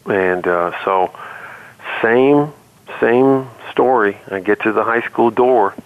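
A man's voice: fairly low pitch, takes it slowly. A man guest telling a personal story earnestly in a casual conversation, heard over a call line. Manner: earnest storytelling with many restarts. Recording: tinny phone-like line.

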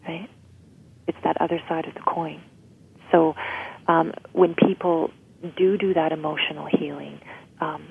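A woman's voice: deep voice, gravelly, slightly rough. A woman guest explaining emotional healing in an interview, often checking in with "right?". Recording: tinny phone-like line.

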